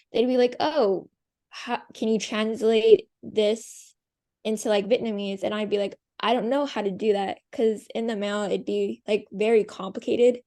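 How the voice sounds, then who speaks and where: A woman's voice: mid-range voice, warm tone. A young woman student commenting in a class on a video call, talking casually with many fillers.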